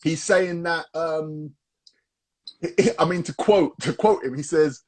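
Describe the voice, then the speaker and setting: A man's voice: high voice, slow pace, long pauses. A young man, co-hosting a casual podcast chat, rambling with restarts and calling people "bro". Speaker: podcast co-host.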